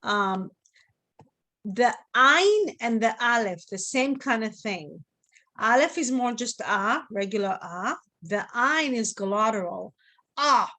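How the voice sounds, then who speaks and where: A woman's voice: fairly high pitch, animated, slow, bright, forceful tone. Woman teaching a class. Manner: patient, checks in with students often. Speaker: Hebrew teacher.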